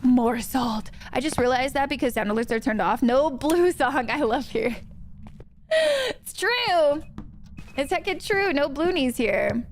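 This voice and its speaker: A woman's voice: sits high, moderate pace, few pauses, slight background noise. A woman streaming a ghost-hunting game, chatting playfully with her viewers. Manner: chatty, thanks chat, playful slang. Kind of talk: chatty gameplay livestream.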